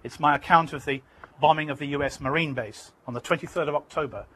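A man's voice: on the high side, fast, pushed and bright, slightly rough, rough recording. A man from Britain, an author giving an emphatic, vivid reading from his own memoir.

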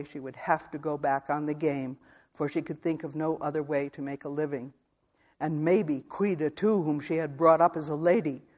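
A man narrates a literary western novel for an audiobook, his voice sitting a little higher than most men's. He reads in a measured, even way, steady from one sentence to the next. The delivery is calm and clear.

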